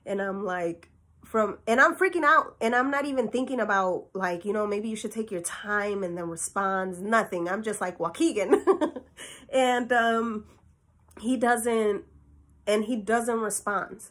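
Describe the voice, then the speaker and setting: A woman's voice: medium pitch, a little slow. Chatty woman telling a personal story. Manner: candid, chatty, emotional, swings between soft and excited. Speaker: vlogger.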